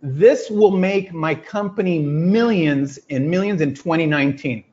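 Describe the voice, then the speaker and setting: A man giving an energetic, emphatic motivational talk to a group, telling stories and acting out quotes. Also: fairly high pitch, a little slow. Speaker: business coach. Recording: lo-fi muffled audio.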